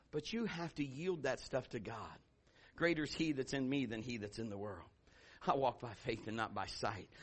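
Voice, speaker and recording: A middle-aged man preaching a sermon, telling a story with animated swings from hushed asides to loud exclamations. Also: on the high side. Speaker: pastor.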